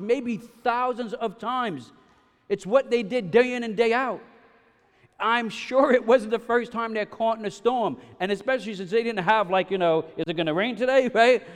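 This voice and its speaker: A man delivering a sermon in a high-pitched voice that carries through a large, echoing hall. He swings between forceful, loud emphasis and quiet, intimate stretches. He keeps drawing his listeners in with quick asides like "yes?" and "right?". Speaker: pastor.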